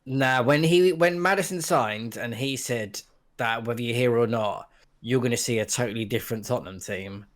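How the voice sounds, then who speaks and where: Bloke on a football pod, blunt and dismissive, ordinary mid voice. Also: male voice, medium pitch, moderate pace. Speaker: podcast co-host. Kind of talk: casual podcast chat.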